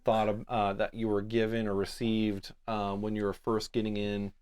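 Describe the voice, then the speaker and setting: Podcast guy, lowish voice, hesitant, trips over his questions a bit. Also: completely flat delivery, moderate pace, darkish tone, clear, resonant tone. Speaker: podcast co-host. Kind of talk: casual chat.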